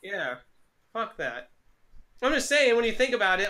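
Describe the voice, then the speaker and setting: High, bright-voiced man ranting. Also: sing-song, normal speed. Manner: profane, ranting. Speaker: podcast co-host. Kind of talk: casual chat.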